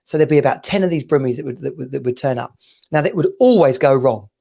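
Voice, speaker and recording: This podcast host, a man from the UK in his thirties, talks quickly in a medium-pitched, dark-toned voice with vocal fry. He rambles through stories in a casual chat, laughing frequently.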